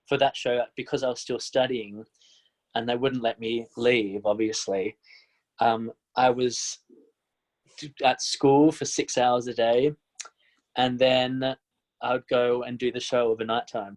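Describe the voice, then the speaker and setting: Young male actor, twenties, lively guest who laughs a lot. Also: mid-range voice. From Australia (Tasmania). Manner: animated, laughs often, quick bright laugh. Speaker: musical theatre actor, guest. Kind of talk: casual interview chat.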